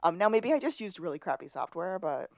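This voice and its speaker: Woman, lower voice, podcast co-host, chatty storyteller, dry close sound. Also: very animated, fairly quick, darkish tone, dry recording. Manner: chatty storyteller, laughs often. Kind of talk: casual recap chat.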